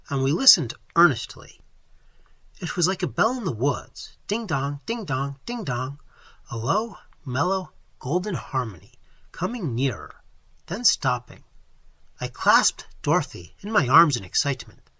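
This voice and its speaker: A man's voice: a little high, sing-song, moderate pace, pushed and bright, husky, no echo. A man reading a story aloud as audiobook narrator, telling it expressively. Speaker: audiobook reader. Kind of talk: scripted narration.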